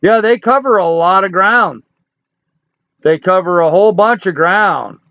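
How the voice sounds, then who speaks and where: A man in his sixties chats through a livestream in a folksy, joking way, answering viewers as he goes. His voice sits a little high for a man. The sound is dry and close, with a slightly dull, lo-fi quality. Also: measured pace, no room sound. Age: 60s. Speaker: livestream host. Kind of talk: casual live chat reading viewer comments.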